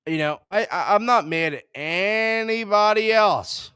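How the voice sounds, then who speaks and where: A young man hosting a sports show, ranting in frustration, jumping between loud outbursts and low mutters. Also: a little slow, smooth, no room sound, studio quality.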